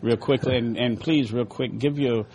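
A man hosting a radio talk show, speaking in a halting way with many fillers and repeated phrases. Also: medium pitch, fairly even intonation, a little mellow, a little hiss or hum. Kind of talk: casual radio interview.

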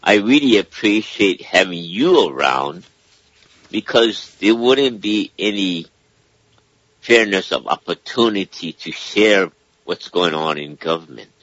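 Deep, husky caller explaining at length. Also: male voice, expressive, slow, fairly bright tone, dry recording, highs cut off. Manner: explaining at length, keeps checking in with "okay?". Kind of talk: casual call-in talk.

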